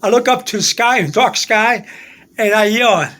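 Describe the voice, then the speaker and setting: A man telling a personal faith story in a rambling, halting way, repeating himself and restarting often. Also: sits high, sharp tone.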